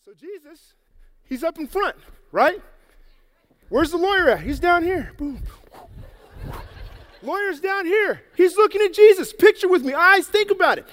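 A man telling a Bible story to children in a lively, playful way, acting it out and getting out of breath. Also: very high voice, a little slow, pauses often, long reverb tail. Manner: energetic, playful, acts out the story. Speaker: children's preacher. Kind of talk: animated Bible story for kids. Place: church hall with an audience.

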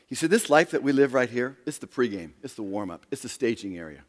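A pastor preaching a sermon, swinging from quiet, low talk to loud, raised passages. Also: male voice, very animated, fast talker. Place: church sanctuary. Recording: long reverb of a large hall.

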